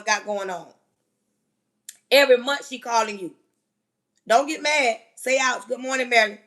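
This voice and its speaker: A woman's voice: sits high, a bit bright. A woman, hosting a livestream and giving blunt, scolding, streetwise advice to her viewers. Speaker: livestream host.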